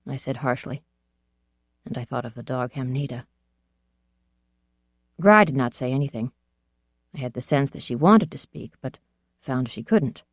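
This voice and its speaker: In a measured, even storytelling style, an audiobook narrator reads a first-person fantasy novel. The voice sits in the mid-range, and the recording is dry with clean studio sound.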